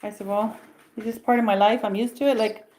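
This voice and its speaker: A woman's voice: on the high side, flat delivery, fairly quick, a little mellow. A woman hosting a casual pet livestream, chatting in a rambling way and cooing at her birds. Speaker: pet channel host. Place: indoor bird room. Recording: clear bird noise in the background. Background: birds chirping and squawking.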